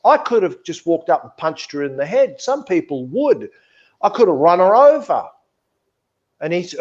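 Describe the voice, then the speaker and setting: A man's voice: high-pitched, sing-song, moderate pace, a little mellow, dull audio. A man telling a story in casual podcast chat, blunt and indignant, swearing freely. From Australia. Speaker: podcast co-host.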